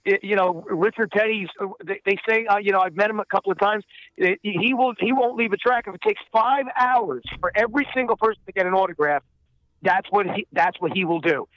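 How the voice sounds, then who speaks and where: A man's voice: high-pitched, brisk, no room sound, lo-fi sound. A man who voices characters, talking in a casual interview and rambling with many fillers. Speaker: voice actor guest.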